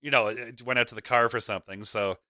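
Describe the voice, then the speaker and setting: A man's voice: medium pitch, fairly even intonation, fast, pushed and bright, no room sound, studio quality. A middle-aged man hosting a podcast, telling a casual story in a rambling, chatty way with lots of fillers and restarts. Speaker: podcast host.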